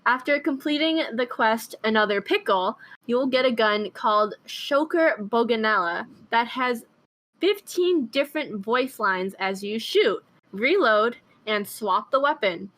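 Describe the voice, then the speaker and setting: A woman's voice: a little high, expressive, a little slow, a bit bright, no room sound. A woman hosting a casual podcast chat with friends, easygoing and chatty. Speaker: podcast host.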